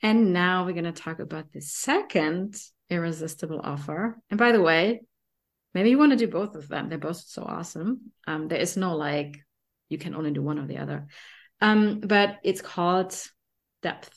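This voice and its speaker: A woman's voice: fairly low pitch, normal speed. A woman with a German accent, hosting a podcast in casual, enthusiastic chat with frequent fillers. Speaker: podcast host.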